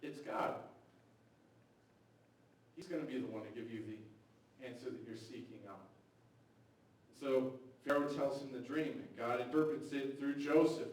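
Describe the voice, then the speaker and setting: Casual preacher in an echoey church. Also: male voice, fairly high pitch, darkish tone. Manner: casual, conversational preaching with acted-out quotes. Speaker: pastor. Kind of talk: sermon. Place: church sanctuary. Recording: very echoey hall, mic far off.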